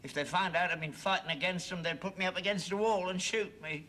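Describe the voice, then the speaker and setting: A man's voice: sits high, steady tone, a little fast, pushed and bright. An actor playing a grumpy, stubborn old father, grumbling and indignant in a sitcom. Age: older. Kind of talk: sitcom acting.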